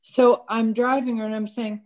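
A woman's voice: on the high side, flat delivery, normal speed, a little mellow. A woman telling a personal anecdote to a gathered audience, candid and self-mocking, acting out bits of dialogue and often stammering into restarts.

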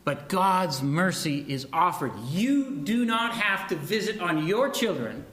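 A man's voice: high voice, very animated, measured pace, a bit bright, echoey room. A man preaching a sermon in a conversational way, with frequent asides and restarts. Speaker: pastor.

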